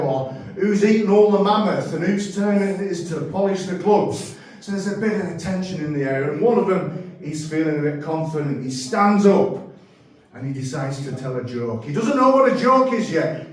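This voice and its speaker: A man doing a stand-up comedy set, telling rambling, animated stories and correcting himself as he goes. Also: high voice, moderate pace. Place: comedy club stage. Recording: very echoey room, mic at a distance.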